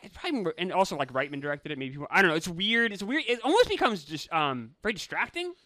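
A man co-hosting a casual film-review chat, animated and incredulous as he teases his co-host. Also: sits high, fast, no echo, studio quality. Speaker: podcast co-host.

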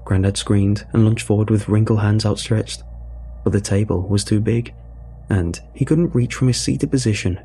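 A man narrating a first-person story in a measured, dry way. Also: fairly low pitch, steady tone, mellow, slight background noise.

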